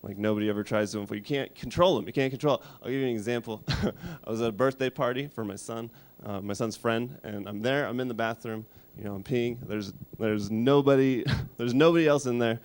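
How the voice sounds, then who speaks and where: A man in his thirties doing a stand-up comedy set, deadpan and rambling, shouting when he acts out characters. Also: medium pitch, fairly quick, few pauses. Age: 30s.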